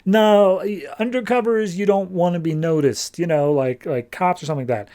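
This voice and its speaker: A man's voice: high voice, moderate pace, dark tone, voice pushed up. A man voicing an exasperated young female vigilante with a sarcastic, impatient delivery.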